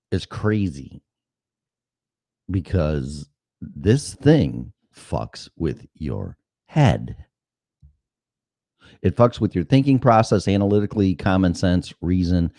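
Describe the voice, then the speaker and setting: A man's voice: deep voice, very animated, slow, long pauses, a little mellow, no echo, studio quality. A middle-aged man hosting a show, telling a rambling, profane story in a casual monologue. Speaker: show host.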